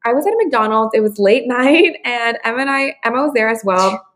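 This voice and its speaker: A woman's voice: a little high, fairly quick. A young woman telling a funny story in casual chat, laughing often and acting out the people in it. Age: young adult. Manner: animated, giggly, acts out voices in her stories.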